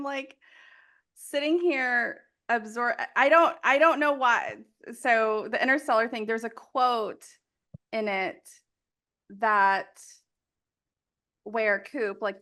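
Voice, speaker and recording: A woman's voice: on the high side, pushed and bright. A woman in her thirties hosting a podcast, talking emotionally and rambling, often laughing. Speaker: podcast host. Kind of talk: casual conversation.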